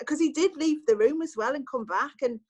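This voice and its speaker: A woman's voice: high voice, brisk, dry recording, rough recording. A woman, a journalist guest on a podcast, telling an anecdote in casual chat and acting out the lines people said. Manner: lively storytelling, acts out quoted lines.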